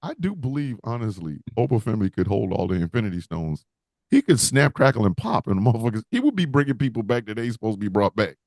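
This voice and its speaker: Dude cracking up on a podcast, swearing a lot, voice jumping all over, dry sound. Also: male voice, big pitch swings, fast, dry recording. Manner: profane, laughing, mimics others in high shouts. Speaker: podcast co-host. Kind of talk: casual comedic chat.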